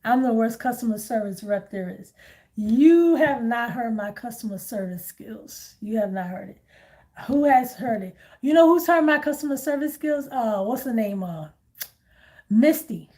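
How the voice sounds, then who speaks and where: A woman hosts a relaxed live stream as a tarot reader and chats freely with her viewers. She tells stories at length and laughs easily. Her voice sits a little higher than most women's. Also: moderate pace. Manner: chatty storytelling, laughs often. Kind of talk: casual live-stream chat.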